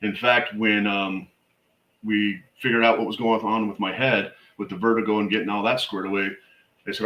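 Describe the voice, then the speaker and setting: A man's voice: on the low side, steady tone, fairly quick, fairly bright tone, reverberant, muffled recording. A middle-aged man, a military veteran and suicide prevention educator, telling stories in a blunt, emphatic way as an interview guest. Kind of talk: conversational podcast interview.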